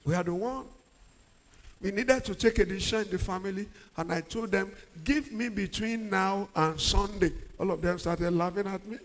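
A middle-aged man preaching a sermon, using call-and-response and swinging from quiet talk to shouts. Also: high voice, moderate pace. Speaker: pastor. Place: large church hall. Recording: long church-hall reverb.

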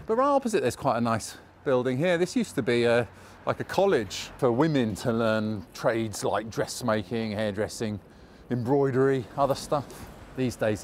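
A man's voice: medium pitch, a little hiss or hum. A man with an English accent guiding a casual walking tour, rambling and chatty with a self-mocking streak, recorded outdoors on a city street. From England.

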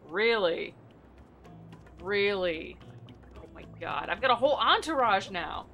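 A woman's voice: medium pitch, lively intonation, unhurried, long pauses, pushed and bright, soft background music. Giggly young woman streamer. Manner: giggly, chatty, thinking aloud. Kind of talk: casual gameplay chat.

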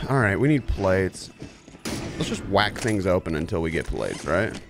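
A man's voice: low-pitched, big pitch swings, unhurried, over music. Goofy man streaming a shooter game. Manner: goofy, playful, jumps into silly voices. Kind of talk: live gameplay commentary. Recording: game sounds behind.

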